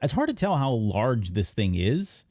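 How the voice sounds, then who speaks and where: A man hosting a podcast, casually recapping an animated episode in a rambling way. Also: medium pitch, measured pace, no room sound, clean studio sound. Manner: rambling recap with many fillers and restarts. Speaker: podcast host. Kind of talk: casual episode breakdown chat.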